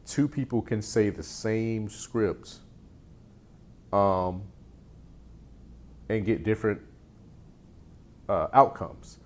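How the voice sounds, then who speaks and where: Low-voiced man giving casual sales advice. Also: drawn-out words, long pauses. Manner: conversational, repeats phrases and restarts often. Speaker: real estate coach. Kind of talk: casual teaching talk.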